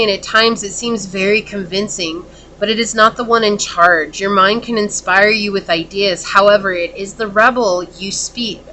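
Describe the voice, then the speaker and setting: A woman's voice: mid-range voice, bright, forceful tone, a little hiss or hum. A woman giving a casual pick-a-card tarot reading, talking earnestly and in a rambling way, with lots of "like" and "okay?". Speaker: tarot reader.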